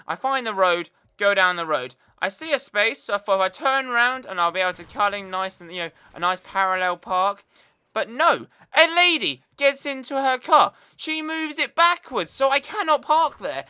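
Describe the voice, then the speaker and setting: This young British gaming YouTuber tells a meandering, filler-packed story over gameplay in a relaxed vlog. He sounds high and sing-song at a normal speed, with a bright, forceful, clear and resonant tone.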